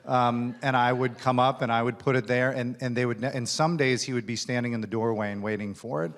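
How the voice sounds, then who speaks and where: A man's voice: medium pitch, steady tone, fairly quick. A man speaking as the guest at a conference keynote, telling a long career anecdote in a self-deprecating, chatty way with frequent fillers. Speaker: studio executive, keynote guest. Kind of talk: onstage conversation, storytelling. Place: conference stage.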